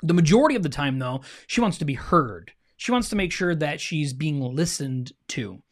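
A man's voice: on the high side, expressive, normal speed. Earnest man co-hosting a marriage podcast. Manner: earnest, often checks in with "right?". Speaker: podcast co-host. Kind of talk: casual faith-based marriage talk.

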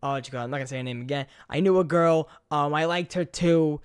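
High-voiced young man. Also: fast talker, clear, resonant tone, no room sound, clean studio sound. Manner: animated storytelling, swears a lot. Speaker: podcast host. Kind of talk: casual podcast chat.

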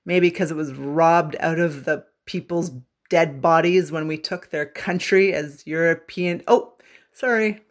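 A woman's voice: sits low, unhurried. A woman from Canada teaching English slang on a radio show, with a playful, joking manner and bits of singing. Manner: playful, jokey, bursts into singing. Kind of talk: humorous language lesson on radio.

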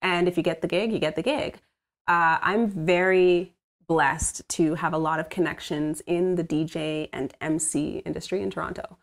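A woman's voice: lowish voice, fairly even intonation, moderate pace, vocal fry. A woman voice-over artist, recording from home, chatting animatedly about her work with frequent laughs and fillers. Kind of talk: casual interview chat.

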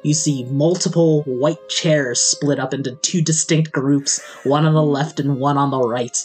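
Laughing Midwestern game master. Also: male voice, a little high, steady tone, measured pace, darkish tone, soft background music. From American Midwest. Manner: laughs often while narrating. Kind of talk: narrating a tabletop game.

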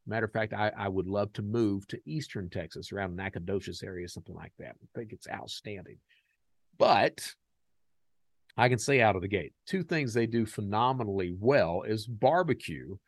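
Low-voiced American man telling stories. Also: moderate pace, dry recording, clean studio sound. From United States. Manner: rambling, candid, many fillers; animated when telling stories. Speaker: podcast host. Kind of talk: casual podcast storytelling.

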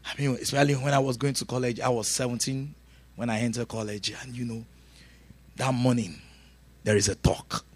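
A middle-aged man preaching a sermon in an animated way, laughing and shouting his punchlines. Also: medium pitch, fairly quick, breathy edge. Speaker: pastor.

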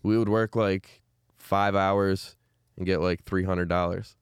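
A man's voice: sits low, steady tone, takes it slowly, clean tone, no room sound, clean studio sound. A young man telling a story in casual podcast chat, swearing often and laughing through it. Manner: laid-back, swearing, laughs through his stories.

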